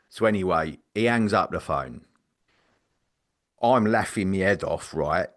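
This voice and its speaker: Man, casual storytelling, rambling, lowish voice. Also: animated, a little slow, long pauses, fairly bright tone. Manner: rambling, filler-heavy, laughs while telling. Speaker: podcast co-host.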